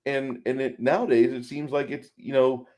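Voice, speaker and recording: A man's voice: medium pitch, little pitch movement, normal speed, a little mellow. A man co-hosting a casual movie podcast, rambling with frequent restarts and putting on voices for quotes. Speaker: podcast co-host; truck driver.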